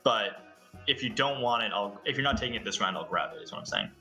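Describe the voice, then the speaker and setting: A man's voice: on the low side, expressive, fast talker, bright, forceful tone, soft background music. A tentative, apologetic man talking during a board game over a voice call. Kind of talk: casual game-table banter. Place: online voice call.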